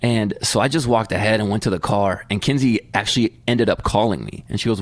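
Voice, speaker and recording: A man's voice: fairly low pitch, fast talker, few pauses, no echo. A man in his thirties, a podcast co-host telling a long story in casual chat and acting out the voices in his quotes.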